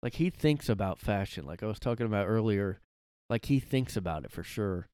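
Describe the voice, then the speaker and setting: Hosting a loose solo podcast from his room, this man meanders, restarts, corrects himself, uses lots of fillers, and laughs a lot. His voice sits on the low side, animated, brisk, warm, and clean, recorded dry in clean studio sound.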